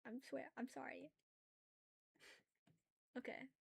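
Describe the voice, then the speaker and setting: High-voiced woman chatting on a drawing stream. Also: slow, creaky, slightly rough. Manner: loud, animated ranting, then quiet and apologetic; chatty and self-aware, with filler words and laughs. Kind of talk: casual livestream chat while drawing.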